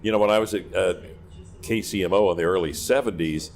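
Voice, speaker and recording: An older man co-hosting an interview, reacting and reminiscing in a relaxed, casual way. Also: sits low, brisk, gravelly. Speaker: co-host. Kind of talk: casual chat.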